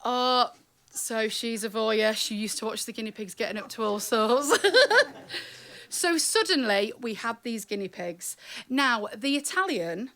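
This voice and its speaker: A woman's voice: fairly high pitch, expressive, unhurried, sharp tone. A woman performing comic spoken-word storytelling live, wry and chatty, teasing the audience.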